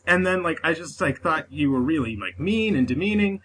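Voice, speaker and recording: A man's voice: a little high, brisk, few pauses, breathy edge, low-quality recording. A man guesting on a podcast, talking in a chatty, joking way with lots of "like". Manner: chatty, animated, says "like" often, jokey. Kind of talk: casual chat. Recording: faint background noise.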